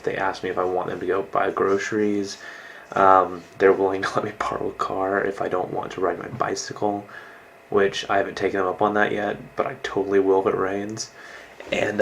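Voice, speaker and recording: A man's voice: deep voice, vocal fry, a little hiss or hum, low-quality recording. A young American man rambling through a casual video diary as an exchange student, full of likes and ums and casual swearing. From United States. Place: indoors in a host family's house.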